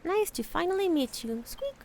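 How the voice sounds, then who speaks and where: A woman's voice: extremely high pitch, very animated, a little mellow, slight background noise, voice pushed up, exaggerated voice. A woman playing a solemn old rat elder. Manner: slow, solemn storytelling.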